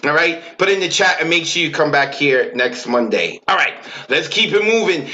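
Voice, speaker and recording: A man from the Bronx with a New York accent, hosting an online poetry open mic with teasing, energetic banter over a video call. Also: on the high side, normal speed, few pauses. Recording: muffled video call audio.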